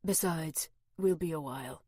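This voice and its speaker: A woman's voice: low voice, normal speed, mellow, husky, dry recording, studio quality. A woman voicing a forty-year-old former police officer turned investigator, speaking in a taut, confident way. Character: confident middle-aged male ex-cop investigator.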